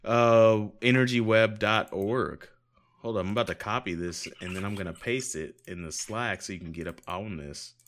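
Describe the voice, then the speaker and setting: A man with a fairly low voice reads news articles aloud on a casual podcast. He keeps stopping for sarcastic jokes and a bit of swearing. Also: moderate pace, a bit bright. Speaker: podcast co-host.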